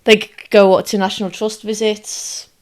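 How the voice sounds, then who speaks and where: A young woman co-hosting a casual chat, explaining points in a measured way and rattling off lists. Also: mid-range voice, little pitch movement, a little mellow. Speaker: co-host.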